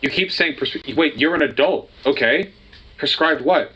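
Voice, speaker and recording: A man's voice: fairly high pitch, animated, normal speed, pushed and bright, slightly rough, rough recording. A man co-hosting a casual reaction commentary, sarcastic and incredulous. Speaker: co-host reacting to videos.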